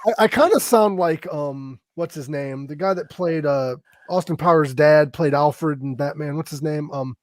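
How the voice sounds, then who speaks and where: A man's voice: a little high, moderate pace, few pauses, darkish tone, no room sound. A man co-hosting a podcast, chatting casually and joking, laughing often and swearing freely. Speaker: podcast co-host. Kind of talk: casual chat doing impressions.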